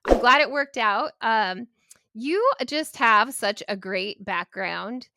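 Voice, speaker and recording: A woman hosting a podcast, chatting with her guest in a warm, gushing way and laughing easily. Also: on the high side, takes it slowly, dry recording, clean studio sound. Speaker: podcast host. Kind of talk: casual interview chat.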